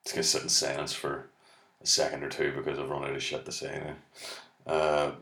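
An Irish man doing stand-up, rambling and swearing freely with a deadpan edge. His voice is very low, and the room gives it a clear echo. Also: a little fast. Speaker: comedian. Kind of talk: stand-up monologue. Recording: echoey room.

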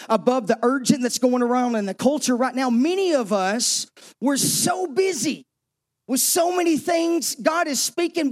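A man pastor preaching a sermon, emphatic, shifting between driving exhortation and hushed, intimate passages. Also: very high voice.

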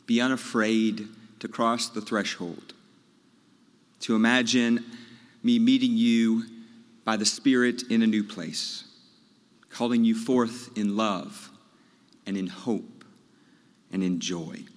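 Pastor, male, lowish voice, measured storytelling sermon; long church reverb. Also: steady tone. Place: large church sanctuary.

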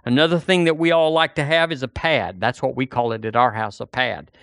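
A man's voice: mid-range voice, brisk, fairly bright tone, dry recording, clean studio sound. A man preaching a sermon as pastor, folksy and storytelling, acting out the voices of the people in his stories.

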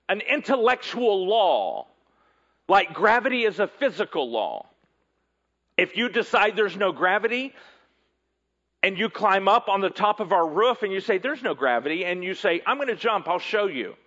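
Lively high-voiced man preaching slowly. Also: lo-fi sound. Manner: earnest preaching, drops low and quiet at ends of phrases. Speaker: pastor. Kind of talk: sermon.

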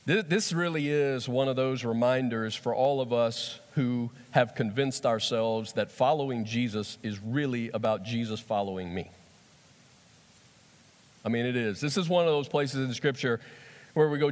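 A man preaching a sermon in an animated way, repeating phrases and swinging between soft and loud. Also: mid-range voice, normal speed. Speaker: pastor. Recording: long hall reverb.

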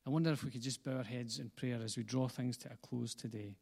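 A man's voice: mid-range voice, steady tone, fast talker, vocal fry, husky. A man preaching a sermon as pastor, earnest and building through repeated phrases, then leading a closing prayer. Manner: earnest, building repetition, gentle asides to congregation. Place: church hall. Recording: long reverb of a church hall.

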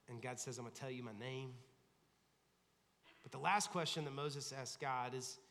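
A man's voice: fairly high pitch, fairly bright tone, in a large hall. A pastor giving a conversational sermon, acting out the people he quotes. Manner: conversational preaching, acts out quoted voices. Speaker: lead pastor. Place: church sanctuary.

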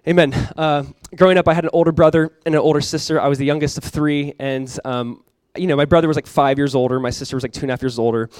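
A young adult man preaching a sermon as pastor, casual and chatty with many fillers, praying softly and slowly at times. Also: on the high side, steady tone, smooth, no echo. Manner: soft, slow prayer.

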